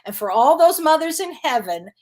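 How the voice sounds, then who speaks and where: A woman's voice: high voice, sing-song, moderate pace, a little mellow. A woman, a spiritual medium and psychotherapist, hosting a casual live Q&A stream. She chats easily, greets viewers by name and laughs often. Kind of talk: casual livestream chat.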